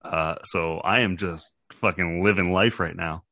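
A man's voice: sits low, fairly even intonation, measured pace, pushed and bright. A man hosting a podcast, chatting in a rambling, easygoing way with casual swearing. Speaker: podcast host. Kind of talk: casual podcast chat and outro. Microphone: studio mic with headphones.

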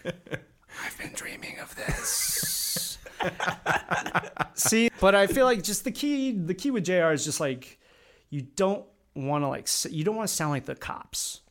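A man with a gravelly, slightly higher voice chatting casually on a podcast. He talks in a laid-back, joking way and often trails off mid-thought. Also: lively intonation, normal speed. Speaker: podcast guest. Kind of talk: casual chat.

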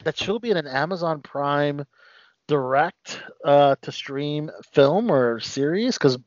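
Male host, lively pitch, slightly high, dry dull lo-fi sound, casual news chat. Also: takes it slowly, dry recording. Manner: animated, reads news items with laughs.

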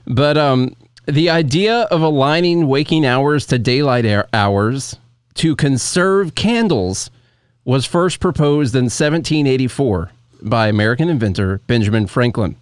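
A man's voice: mid-range voice, animated, a little slow, clean tone, no room sound, clean studio sound. A man co-hosting a podcast, talking in casual, joking banter with his co-host. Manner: joking, laid-back banter. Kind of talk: casual chat.

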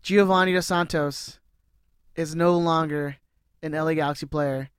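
High, smooth-voiced joking man on a podcast. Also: steady tone, normal speed, no echo, clean studio sound. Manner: laid-back, joking, filler-heavy banter. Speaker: podcast host. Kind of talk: casual sports podcast chat.

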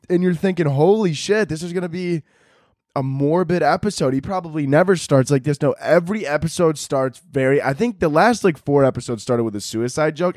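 A man's voice: a little high, a little mellow, no room sound, clean studio sound. A young man hosting a podcast, ranting in a crude, rambling comedic monologue and laughing often. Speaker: podcast host.

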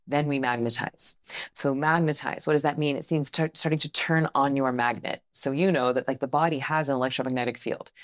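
A woman with a low voice talks as a guest on a podcast, flowing and enthusiastic, peppering her speech with "like". The recording is dry and close, with no room sound. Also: dry recording. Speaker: guest, meditation teacher. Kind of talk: podcast conversation.

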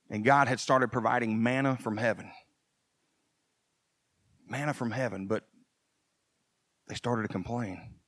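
A male pastor preaching a sermon, animated and swinging from quiet folksy asides to loud emphasis. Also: mid-range voice, dry recording, studio quality.

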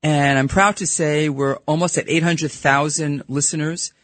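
A woman's voice: sits low, fairly even intonation, no echo. A middle-aged woman from New York with a Brooklyn accent, a guest speaking frankly and bluntly in a radio studio interview. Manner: blunt, fast-talking, frank. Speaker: podcast host and real estate broker, guest. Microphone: studio microphone.

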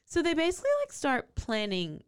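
Here the same kind of true crime tale unfolds as casual podcast chat, with the woman co-host voicing each person's lines in lively fashion. She pitches her voice high and talks fairly quickly.

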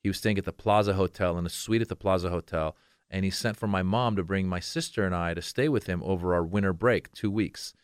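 Male comedian guest, forties, from Iran, low smooth voice, dry close sound, animated anecdotes. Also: a little fast, no room sound. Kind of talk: casual interview storytelling.

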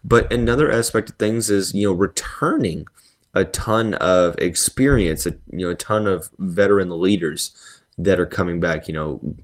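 A man's voice: low-pitched, moderate pace. A man hosting a solo sports podcast, talking through basketball news in a rambling way with lots of fillers and restarts. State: yawning and sneezing.

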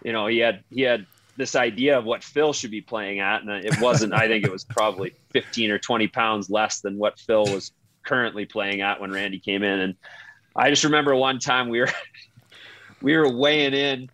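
A man who is a retired hockey player, telling locker-room stories in a casual, halting way with frequent laughs. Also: on the low side, steady tone, fairly bright tone. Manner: laughing, halting storyteller with restarts. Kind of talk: casual storytelling chat.

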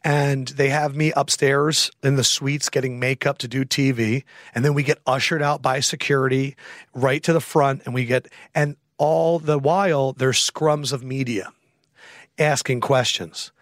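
A man in his thirties hosting a podcast, telling stories in a casual, animated way, acting out quoted voices and swearing freely. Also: mid-range voice, unhurried, no room sound, clean studio sound. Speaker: podcast host. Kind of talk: casual storytelling chat.

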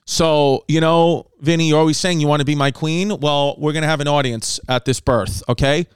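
A brash, foul-mouthed male comedian runs a podcast segment, reading odd facts and riffing on them loudly. His voice sits a bit high for a man. The sound is close and dry, with no room in it. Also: moderate pace, smooth, dry recording. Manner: loud, brash, swears a lot, animated voices for others.

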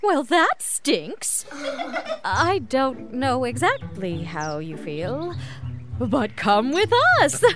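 A woman's voice: a little high, big pitch swings, extremely slow, music in the background, full character voice. A woman voicing a friendly male donkey who leads a band in a told storybook tale, bouncy and encouraging, dropping into growls on his nicknames.

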